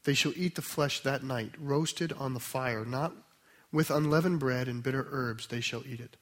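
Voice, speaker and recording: A man preaching a sermon, explaining scripture in a conversational way, then reading a passage aloud slowly and softly. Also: mid-range voice. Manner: conversational teaching with restarts, slow and soft when reading scripture.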